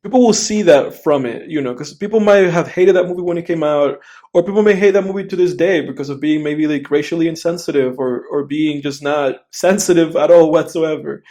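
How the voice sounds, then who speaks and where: A man's voice: fairly high pitch, fairly quick, dark tone. A young man co-hosting a film podcast, rambling casually, swearing, laughing often and acting out scenes. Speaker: podcast co-host. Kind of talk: casual chat.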